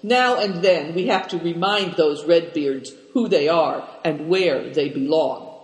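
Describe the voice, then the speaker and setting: A man doing a loud, boastful bandit chief. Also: on the high side, measured pace, roomy sound, big-room sound, natural voice. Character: bold, loud male bandit chief in disguise.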